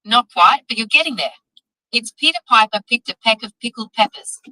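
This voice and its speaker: A woman's voice: fairly high pitch, animated, brisk, pushed and bright, no echo, poor audio. A synthetic female AI assistant voice coaching tongue twisters in an upbeat, encouraging way. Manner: upbeat, encouraging, evenly paced. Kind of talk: AI assistant tutoring.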